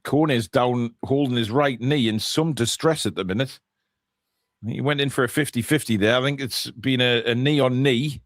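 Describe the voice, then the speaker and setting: A man's voice: medium pitch, moderate pace, dry recording, clean studio sound. Chatty man calling a football match live. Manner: chatty play-by-play with jokey asides. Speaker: watchalong co-host. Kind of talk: live match watchalong commentary.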